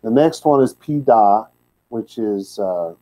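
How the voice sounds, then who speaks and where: A man's voice: on the low side, animated, slow, mellow, rough recording. A man teaching a word-by-word scripture lesson, plainspoken, with candid asides. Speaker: Bible teacher.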